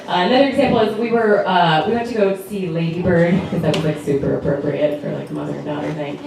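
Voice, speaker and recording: A woman's voice: on the low side, fast, creaky, crowd noise. A woman in her twenties doing a stand-up comedy set, chatty and rambling, with lots of fillers and giggles. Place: comedy club stage. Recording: echoey club, distant mic, loud noise.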